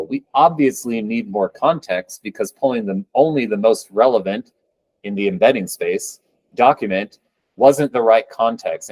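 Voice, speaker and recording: A man's voice: fairly low pitch, a little mellow, slightly rough, no room sound, rough recording. A man presenting a live coding demo at a meetup, talking casually with upbeat, joking asides.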